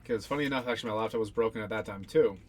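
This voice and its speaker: A man's voice: lowish voice, racing, a little hiss or hum. A young man casually talking through his own gameplay, rambling and self-deprecating, swearing now and then. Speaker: gaming channel host.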